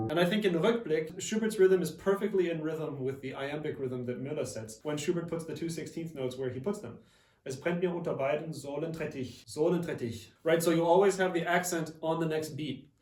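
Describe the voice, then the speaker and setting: Enthusiastic pianist explaining a song. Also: male voice, fairly high pitch, darkish tone, echoey room, far from the mic, rough recording. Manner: enthusiastic, casual asides, reads German lines aloud. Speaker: Lied pianist. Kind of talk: explaining music analysis.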